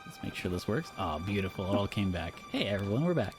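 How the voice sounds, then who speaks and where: Low-ish guy dm-ing a tabletop game, chill, laughy, music going behind. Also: big pitch swings, fast talker. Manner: laid-back, laughing, descriptive narration. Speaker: dungeon master.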